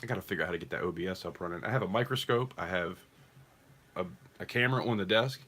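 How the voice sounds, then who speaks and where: Male auction stream host, lower voice, casual bid calling, rambling chat. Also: fast talker, fairly bright tone. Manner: chatty, rambling asides between bid calls.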